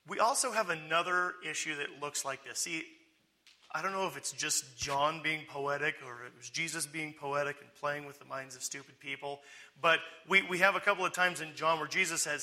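A man's voice: a little high, fairly quick, bright, forceful tone. A man teaching through a Bible passage in a conversational way, often checking in with "okay?" and acting out the people he quotes with sarcastic humor. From United States. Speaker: preacher.

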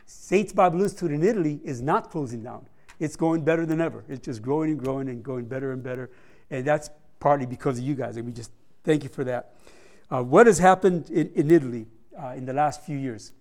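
A man with a voice pitched a little above the usual male range, speaking as a missionary to a church congregation. His delivery is conversational and anecdotal, with plenty of fillers, restarts and humorous asides woven in among the stories. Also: darkish tone.

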